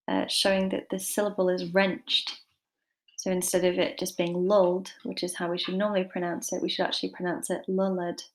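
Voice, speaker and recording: A woman tutors English literature in a relaxed, chatty way, sprinkling in fillers and self-deprecating asides. Her voice sits fairly low and stays flat, with little rise and fall. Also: vocal fry. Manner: chatty and informal, with many fillers. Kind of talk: casual online lesson.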